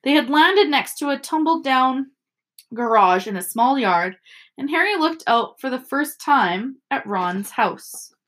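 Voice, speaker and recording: A woman teacher reading a novel aloud to children, expressive and storytelling. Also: high voice, a little slow. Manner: expressive storytelling with character voices.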